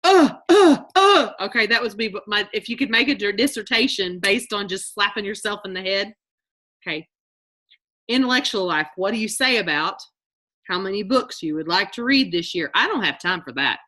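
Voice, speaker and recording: A woman leads a motivational workshop over a video call, her voice bright and forward. She talks in an animated way and slips into mock voices to act out everyday complaints. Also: medium pitch, brisk. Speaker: motivational speaker. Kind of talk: live online workshop talk.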